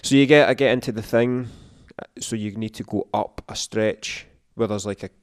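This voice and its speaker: A man's voice: on the low side, moderate pace, smooth, no room sound, clean studio sound. A man, a podcast guest, telling an emotional story in casual chat, swearing often.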